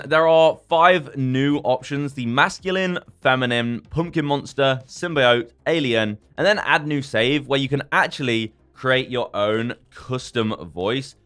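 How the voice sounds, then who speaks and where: A young man talks through a game update in a casual, upbeat way. His voice sits at an ordinary middle pitch, and he keeps a chatty, friendly flow as he points out what is on screen. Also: fairly bright tone, smooth. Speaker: gaming YouTuber.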